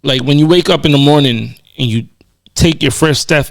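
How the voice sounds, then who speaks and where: A man's voice: fairly high pitch, normal speed, vocal fry. A man co-hosting a podcast, talking in an earnest, reflective way with many casual fillers. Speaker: podcast co-host.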